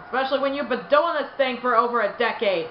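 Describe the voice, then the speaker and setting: A woman's voice: a little high, fast talker. A woman giving casual, rambling commentary over her gameplay, joking at her own expense. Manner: rambling, self-deprecating, laughs at own jokes. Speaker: gaming video creator. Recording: roomy, muffled, faint noise.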